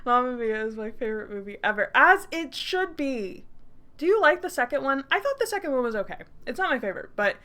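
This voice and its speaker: A woman's voice: high-pitched, sing-song, fairly quick, bright, forceful tone. Giddy young woman streaming a game. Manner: giddy, swears freely, laughs a lot. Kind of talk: excited let's-play commentary and reading aloud.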